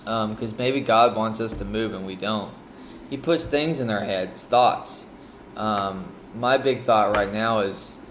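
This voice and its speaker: Low-voiced man reading scripture. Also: a little hiss or hum. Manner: hesitant, with frequent ums and restarts. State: sleepy, yawning. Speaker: Bible reader sharing reflections. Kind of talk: casual Bible reading with personal reflection.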